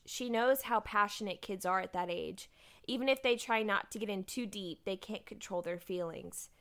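A woman co-hosting a casual podcast, animatedly summarizing drama episodes and laughing often. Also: mid-range voice. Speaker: podcast co-host recapping a drama. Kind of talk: casual chat recapping episodes.

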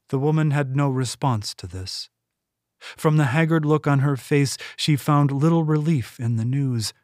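A man narrating a fantasy audiobook in a steady, deliberate reading. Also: fairly high pitch, dry recording, studio quality. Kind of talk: scripted narration.

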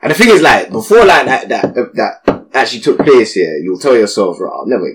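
A young man, telling a slangy, animated story as a podcast co-host. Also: mid-range voice, fairly quick. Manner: animated, slangy, acts out voices in his stories. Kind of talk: casual storytelling chat.

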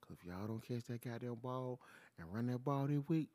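A man, hosting his own podcast and ranting about sports in an animated, profane style. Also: slow, pauses often. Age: 40s. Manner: animated, swings from low mutter to loud outbursts, heavy cursing. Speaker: podcast host. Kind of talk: profane solo sports rant.

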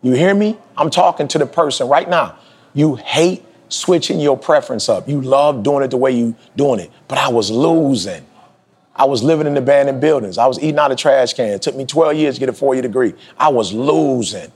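A man in his forties, a podcast host, giving a motivational talk in emphatic, slangy street speech that leaps high in pitch when he presses a point. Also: a little fast, darkish tone, slightly rough. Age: 40s.

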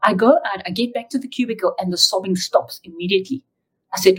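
A woman telling her personal testimony as an interview guest, in an emotional, animated way. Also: medium pitch, quick pace, slightly rough, poor audio.

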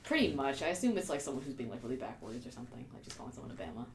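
A young woman from Prince George's County, Maryland, co-hosts a podcast in casual chat, giggling and filling her speech with "like" and "um." Her voice is rumbling low, sing-song and racing, recorded in an echoey room with faint background noise.

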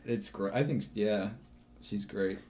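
A man's voice: lowish voice, measured pace, a crowd in the background. A man co-hosting a podcast, recapping a film in casual chat, laughing often and swearing loosely. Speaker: podcast co-host.

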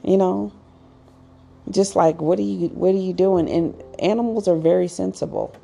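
A woman's voice: fairly low pitch, moderate pace, creaky, dark tone, soft background music. A woman talking casually to viewers in a rambling, chatty monologue with acted asides and frequent restarts. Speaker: pet owner giving advice.

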